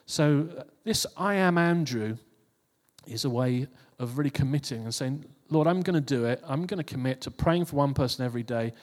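In an informal sermon, a male preacher speaks to the congregation conversationally, repeating and restarting phrases. He has a medium pitch and a moderate pace. The audio carries long hall reverb.

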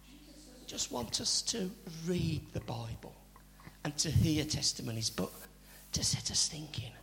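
A man preaching a sermon, chatty and animated, with asides to the congregation. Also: sits high, normal speed, creaky. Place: church. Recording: church hall reverb, faint hum.

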